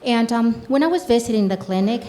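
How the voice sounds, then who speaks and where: A woman's voice: a little high, animated, a little fast, mellow. A woman from Mexico, a native Spanish speaker with a Mexican Spanish accent, asking a question at a public forum. She works as a community health program director and speaks in an earnest, story-driven way, often adding "right?".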